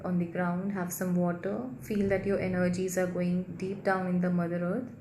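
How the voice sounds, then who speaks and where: A woman guiding a healing meditation in a soft, gentle, slow and repetitive way. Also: fairly low pitch. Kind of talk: guided meditation. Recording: roomy echo with faint background hiss.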